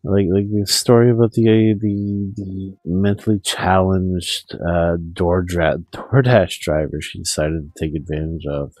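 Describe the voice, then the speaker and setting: Low-voiced man in a rambling rant. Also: fairly even intonation, a little slow, few pauses, darkish tone, no echo, rough recording. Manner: profane, meandering rant with many restarts. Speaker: streamer. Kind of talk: rambling monologue.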